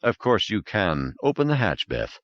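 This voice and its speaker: A man's voice: lowish voice, big pitch swings, normal speed, no echo, lo-fi sound, pitched above the performer's own voice. Tense, insistent man under pressure, read by a male narrator. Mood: urgent. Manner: urgent, insistent.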